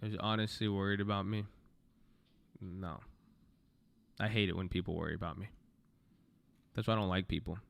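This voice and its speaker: A man's voice: low-pitched, steady tone, normal speed, creaky, pauses often. A young man trading stocks on a livestream, talking bluntly to his chat and swearing freely. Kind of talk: casual livestream commentary.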